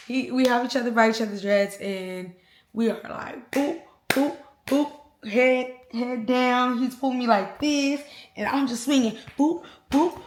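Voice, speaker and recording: Young woman, fairly high voice, animated slangy storyteller recorded in a roomy, echoey space. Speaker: vlogger. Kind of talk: storytime vlog. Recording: roomy echo.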